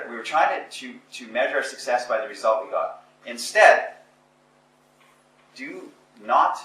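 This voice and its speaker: A man giving a live motivational talk to an audience, emphatic and repetitive, building to forceful exhortation. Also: medium pitch. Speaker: motivational speaker. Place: indoor conference or seminar room. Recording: echoey room, voice picked up from a distance with faint noise.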